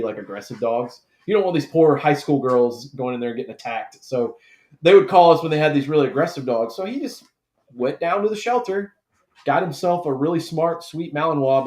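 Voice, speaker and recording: A man with a medium-pitched, darkish voice hosts a live draft stream from an echoey room. His talk is a relaxed, casual chat full of storytelling and swearing.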